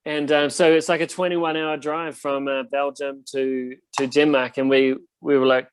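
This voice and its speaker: A man's voice: mid-range voice, level tone, normal speed, few pauses, clean tone, dry recording. A young man, a touring band musician telling stories in a casual interview, rambling with lots of fillers. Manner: laid-back, rambling storyteller with many fillers.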